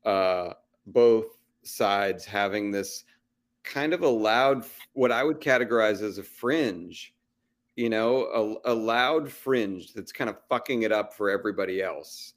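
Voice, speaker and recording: A man's voice: lowish voice, unhurried. A man, a comedy TV writer guesting on a podcast, speaking thoughtfully with many hedges. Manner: thoughtful, hedging, acts out quoted voices. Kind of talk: casual podcast conversation. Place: live show at a restaurant.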